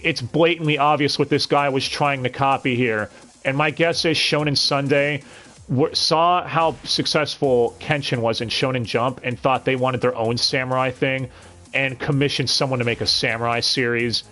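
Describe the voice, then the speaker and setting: A man's voice: mid-range voice, fairly bright tone. A man reviewing an anime dub on a live stream, talking casually with frequent stammered restarts and blunt, profane sarcasm.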